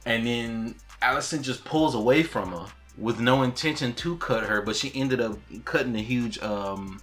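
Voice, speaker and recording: A man recapping a TV episode in casual commentary, animated and laughing, acting out the scenes. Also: mid-range voice, normal speed, hardly any pauses, soft background music. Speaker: TV show recap reviewer.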